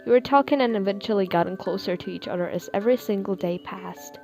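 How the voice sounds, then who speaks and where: Young girl reading her fanfic, soft and giggly, kinda apologetic, quiet music behind. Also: mid-range voice, fast talker. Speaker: fan fiction reader. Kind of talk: reading her own fan fiction aloud.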